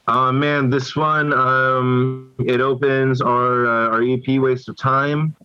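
A man's voice: medium pitch, little pitch movement, sharp tone, smooth, dry recording. Hesitant male singer, dull dry sound. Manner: halting, hesitant speech with fillers. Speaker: band member, singer. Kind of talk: casual interview chat.

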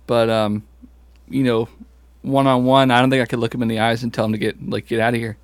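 A man's voice: medium pitch, little pitch movement, fairly quick, no room sound. A young man co-hosting a podcast in casual, laugh-filled chat, swearing easily. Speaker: podcast co-host.

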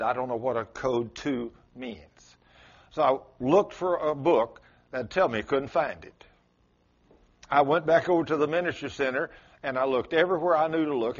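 A male pastor preaching a sermon, telling a story with sudden rises and drops in his voice. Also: moderate pace. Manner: storytelling with dramatic swings in pitch and loudness. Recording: muffled lo-fi sermon recording.

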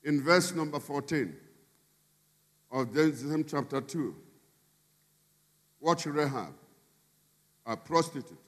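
A man preaching a sermon as a bishop, emphatic and shifting from quiet asides to shouted appeals. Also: a little high, lively intonation, takes it slowly, long pauses. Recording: long reverb in a large hall.

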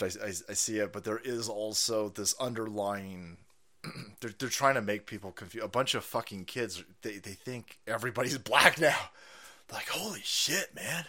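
A man hosting a live stream, ranting in profane commentary, mocking and laughing often, breaking into loud excited outbursts. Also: fairly low pitch. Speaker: livestream host.

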